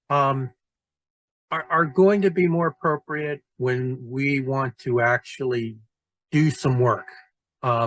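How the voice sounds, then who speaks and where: A man walking teachers through presentation software in a screen-recorded tutorial, talking loosely and thinking aloud as he clicks. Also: medium pitch, no room sound, rough recording. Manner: relaxed, thinking aloud with fillers and restarts. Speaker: teacher trainer.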